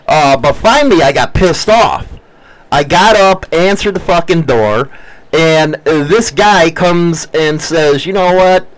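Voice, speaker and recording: A man hosting a casual talk show at home, telling crude, animated stories and swearing constantly. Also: a little high, slow pace, low-quality recording. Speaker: podcast host. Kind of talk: casual profane storytelling.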